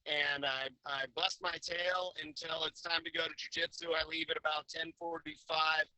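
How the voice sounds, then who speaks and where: A laid-back man talks on a live show from his car. His voice is very bright and a little high, with a dry close sound. A glitchy connection gives it a robotic edge. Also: little pitch movement, normal speed, dry recording, rough recording. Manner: laid-back, joking, repeats words at starts. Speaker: guest. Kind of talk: casual chat. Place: in a vehicle on a weak connection.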